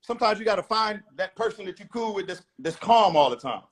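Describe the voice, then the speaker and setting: A man's voice: high-pitched, lively intonation, fast talker. A man talking as a rapper guest in a casual interview, blunt, emphatic and profane.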